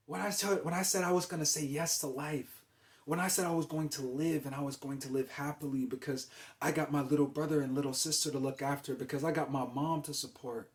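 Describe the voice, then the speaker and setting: A man's voice: a little high, steady tone, brisk. A young adult man hosting a show, delivering an emphatic, repetitive motivational monologue. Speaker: motivational host.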